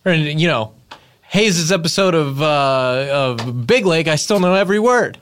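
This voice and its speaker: A man co-hosting a comedy podcast, tossing in quick jokes and mock indignation during improvised banter. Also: a little high, expressive, fairly bright tone, slight background noise.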